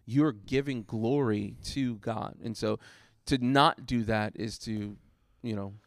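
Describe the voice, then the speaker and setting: Taking his time, a fairly low-pitched man casually discusses a sermon he preached as a guest preacher. He reflects thoughtfully, with frequent fillers and restarts, captured on a dry recording.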